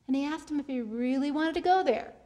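A woman keynote speaker giving a faith-based motivational talk. She slows down and drops to a soft voice for emphasis, and she repeats key phrases to drive them home. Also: sits high.

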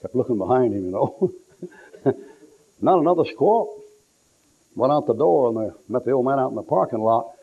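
A man preaching a sermon, telling folksy stories and acting out the people in them, sometimes shouting for effect. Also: medium pitch, expressive, moderate pace, creaky, long pauses, husky. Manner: folksy storytelling, acts out quotes, shouts for effect. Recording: tinny lo-fi phone-like sound.

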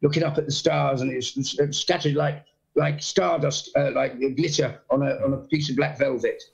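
A middle-aged man, a guest comedian, telling animated stories with blunt swearing over a video call. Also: on the high side, normal speed, gravelly, husky, muffled recording. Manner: animated storyteller, frequent impressions, blunt swearing. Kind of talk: casual anecdote telling.

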